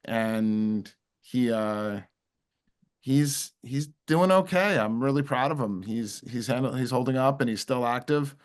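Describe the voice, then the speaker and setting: A man's voice: medium pitch, measured pace. Chatty middle-aged male guest. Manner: storytelling, chatty. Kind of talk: casual interview.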